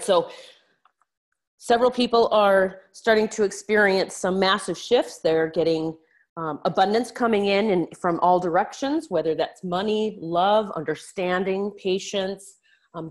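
Woman, podcast life coach, frank, tough-love, casual swearing, lively pitch swings. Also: moderate pace. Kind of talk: solo podcast coaching talk.

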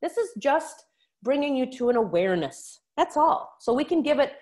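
Frank woman coaching on her podcast. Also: moderate pace. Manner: frank, swears casually, animated shifts in pitch. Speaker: life coach. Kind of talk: solo podcast coaching talk.

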